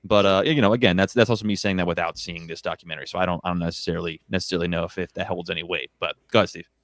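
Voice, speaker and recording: Fast-talking, agreeable man on a dry mic. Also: low-pitched, fairly even intonation, a bit bright, no room sound. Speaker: podcast co-host. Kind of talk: casual hockey podcast chat.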